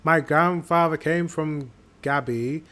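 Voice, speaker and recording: A man's voice: fairly high pitch, slow pace, sharp tone. A British man hosting a reaction video, chatting casually in an upbeat, hyped-up way. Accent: British English. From Britain. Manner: upbeat, hyped-up intro patter.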